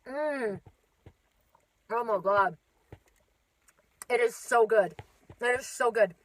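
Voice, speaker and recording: A woman's voice: on the high side, slow pace, poor audio. Chatty spiritual reader woman outdoors. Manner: chatty, rambling, animated. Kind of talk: casual live-stream chat. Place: outdoors in the mountains. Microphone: phone.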